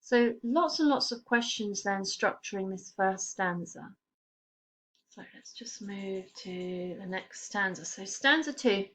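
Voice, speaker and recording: A woman teaching a poetry lesson, explaining the text in a measured way and stressing key words. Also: mid-range voice, fairly bright tone, slight background noise.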